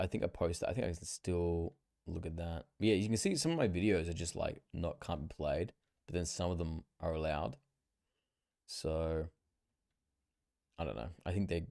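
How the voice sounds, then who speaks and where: A young Australian man talks loosely on a livestream, swearing and correcting himself as he goes. His voice is very low and dark, and the sound is close and dry. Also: gravelly, no room sound. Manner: rambling, swearing, drawling with fillers and self-corrections. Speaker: livestream host. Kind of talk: casual solo livestream commentary.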